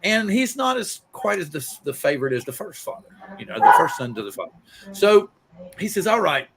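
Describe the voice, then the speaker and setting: A man's voice: high-pitched, sing-song, a little fast, creaky, background noise. A man hosting a podcast who tells a long joke in a rambling, casual way, restarting his sentences often. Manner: rambling, embellished storytelling with restarts. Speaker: podcast host.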